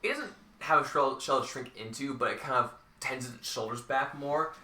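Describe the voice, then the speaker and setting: A man's voice: mid-range voice, normal speed, pushed and bright. A man narrating a tabletop game as game master, describing scenes with frequent hesitations and ums. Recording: echoey room, distant mic.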